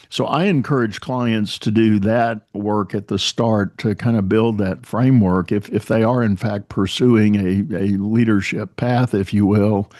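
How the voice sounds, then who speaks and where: A man's voice: lowish voice, dark tone, dry recording, studio quality. A man hosting a podcast interview, talking conversationally about coaching and leadership. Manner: conversational, rambling with restarts. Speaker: podcast host.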